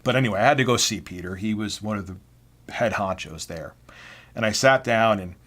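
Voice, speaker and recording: Animated man telling a story. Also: on the low side, normal speed. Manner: animated, swears freely. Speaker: video host. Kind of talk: casual storytelling.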